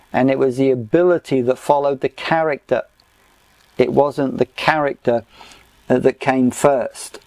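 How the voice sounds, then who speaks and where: A man teaching a Bible study lesson in a measured lecture style, often pausing with "uh" as he explains his chart notes. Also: mid-range voice, darkish tone, no room sound. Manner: slow, measured, with frequent "uh" pauses.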